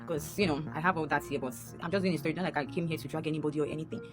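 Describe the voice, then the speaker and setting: Nigerian woman telling her story real fast, low-ish voice, gets loud and high when upset, music in the back. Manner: animated, rising sharply when upset, repeating lines. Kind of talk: emotional personal storytelling.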